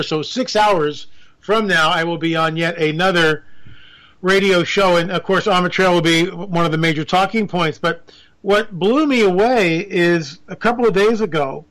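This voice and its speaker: A man holds forth in a sarcastic, rambling political monologue. His voice sits high and bright, with a sharp edge as he piles on asides and mock disbelief. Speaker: political commentator. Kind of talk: opinionated monologue.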